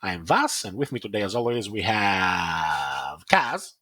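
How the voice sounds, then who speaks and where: A man's voice: fairly low pitch, very animated, a little slow, pushed and bright, no echo. A man with a foreign accent hosting a geeky podcast, teasing his co-hosts with jokes. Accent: foreign-accented English. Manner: teasing, jokey, swears casually. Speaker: podcast host. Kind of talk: casual chat.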